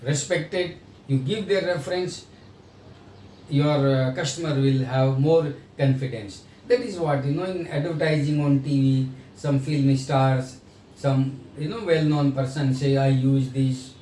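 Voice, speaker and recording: A man's voice: a little high, steady tone, a little slow, dark tone. A man giving a sales training lecture in an explanatory manner. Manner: explanatory, acts out sales dialogues. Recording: echoey room, voice from a distance, faint noise.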